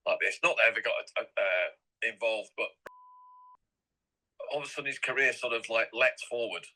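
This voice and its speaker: Middle-aged English man, interview guest, bright and husky tone, rambling and repetitive. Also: on the low side, moderate pace, low-quality recording.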